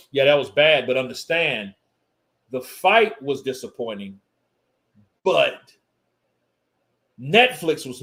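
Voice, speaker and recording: A man's voice: mid-range voice, fairly bright tone. A man hosting a casual boxing livestream, loose and joking, who laughs often and swears freely. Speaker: live stream host.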